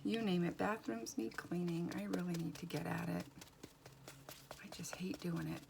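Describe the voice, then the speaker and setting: Chatty woman with a low gravelly voice. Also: fairly even intonation, normal speed, slight background noise. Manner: chatty, rambling, wry. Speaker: doll artist. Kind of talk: casual chat while working. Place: home studio.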